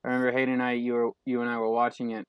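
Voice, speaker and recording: A man's voice: mid-range voice, very fast, clear, resonant tone, dry recording, muffled recording. A man co-hosting a casual podcast chat, telling stories animatedly and acting out what people said. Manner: animated storyteller who acts out quotes. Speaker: podcast co-host.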